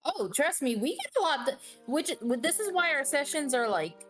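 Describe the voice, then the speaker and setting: Recounting a tabletop game session on a stream, a friend tells the story with plenty of energy, swearing and laughing throughout. She speaks at a normal pace in a voice pitched a bit above most. Gentle music sits behind her.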